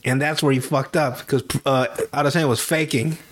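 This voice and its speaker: A man hosting a podcast, telling a story in casual chat, animated and profane and laughing often. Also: medium pitch, a little fast, slight background noise. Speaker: podcast host.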